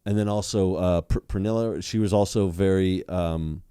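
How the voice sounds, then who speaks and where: A man's voice: low voice, normal speed, smooth, no echo, clean studio sound. A young adult man co-hosting a podcast, chatting casually and animatedly with frequent restarts. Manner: animated, lots of restarts and laughter. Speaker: podcast co-host. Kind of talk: casual chat.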